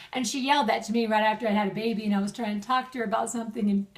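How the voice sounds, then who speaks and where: A woman's voice: on the high side, recorded from a distance. A young adult woman giving friendly marriage advice in a casual video message, chatty and laughing often. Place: at home.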